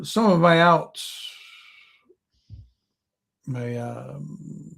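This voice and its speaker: A guarded noble lord, voiced by a man running a tabletop game, who chooses his words slowly and courteously. His voice is of ordinary pitch, and he never hurries. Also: gravelly. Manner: slow, courteous, deliberate.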